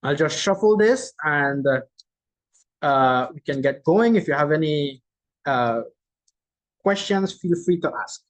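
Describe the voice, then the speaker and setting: The host of a chat-based quiz game at a virtual conference speaks in an expressive, mid-range voice over video call. Loose and chatty, they slowly repeat each clue, tag lines with "right?", and read answers aloud from the chat. It's a low-quality recording.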